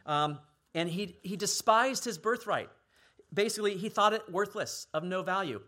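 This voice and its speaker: A male pastor preaching a sermon earnestly, at times dropping to a hushed, grave tone for emphasis. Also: high-pitched, moderate pace.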